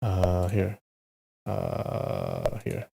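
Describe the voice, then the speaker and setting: A man's voice: deep voice, big pitch swings, very slow, gravelly, warm tone, breathy edge. A man streaming live, muttering place names to himself as he plays a map quiz, with sudden frustrated outbursts and the odd swear. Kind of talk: casual live-stream commentary while playing a map quiz.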